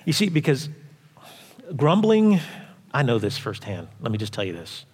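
Preaching a sermon in a conversational style, a pastor often asks his congregation questions. His mid-range voice swoops wildly in pitch at a moderate pace, a little mellow with a breathy edge, and long hall reverb fills the recording.

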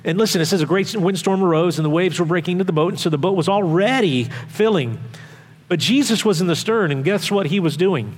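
A man's voice: high voice, fairly quick. A male pastor preaching and reading scripture aloud, earnest and emphatic, repeating his key points. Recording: long reverb of a large hall.

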